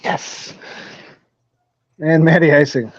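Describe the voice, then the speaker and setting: A man's voice: fairly high pitch, slow pace, dry recording. A man hosting a sports picks podcast in a casual, profane style, laughing often while he tells stories. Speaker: podcast host running weekly picks. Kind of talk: casual chat. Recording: dull lo-fi audio.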